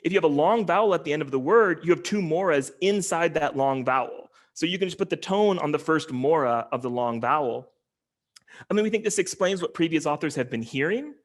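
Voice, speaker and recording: A man with a slightly higher-than-usual voice gives an online academic lecture. He explains step by step, pausing often with ums and restarting sentences as he goes. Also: animated. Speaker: linguistics professor giving a lecture.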